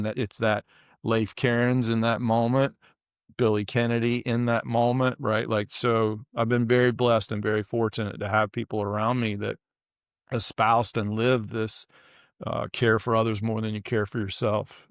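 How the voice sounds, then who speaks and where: A low, gravelly man speaks in an earnest, halting way, restarting his sentences as he tells a story in an interview. His voice stays flat and even, and the sound is dry and close. He is middle-aged. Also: no echo. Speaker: guest.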